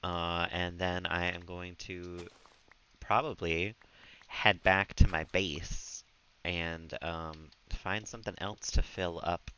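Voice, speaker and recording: Low-voiced giggly male streamer. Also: fairly even intonation, slow pace, bright, forceful tone, smooth. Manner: chatty and giggly, talks to chat and to his pet. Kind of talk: casual live-stream gameplay commentary. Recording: slightly dull stream mic audio.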